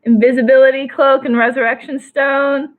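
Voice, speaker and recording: A young woman co-hosting a casual trivia live stream from home, chatty and giggly, reading questions out slowly. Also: sits high, level tone. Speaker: trivia co-host. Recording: tinny phone-like stream audio.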